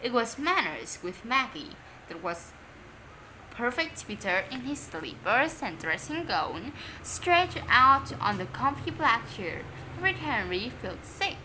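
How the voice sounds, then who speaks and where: A woman reading a children's storybook aloud in English, lively and expressive, Vietnamese native speaker. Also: a little high, slight background noise, rough recording. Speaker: story reader.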